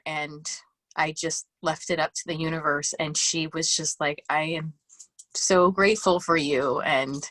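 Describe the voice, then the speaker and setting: A woman's voice: low voice, bright, forceful tone, no room sound. A woman in a group sharing, speaking earnestly and from the heart about a personal experience. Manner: earnest and heartfelt, close to tears. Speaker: group participant.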